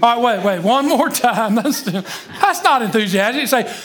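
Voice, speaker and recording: A man's voice: very high-pitched, measured pace. A man preaching a sermon to a live congregation, talking emphatically, calling out to the listeners and repeating words as he gets going. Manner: emphatic, engages congregation directly; repeats and restarts words when excited. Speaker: pastor.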